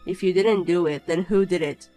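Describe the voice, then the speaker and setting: A woman voicing a snobbish, cheating rich young man in an animated story, sneering and then pleading. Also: fairly low pitch, moderate pace, faint music behind, close to an everyday voice, rough recording.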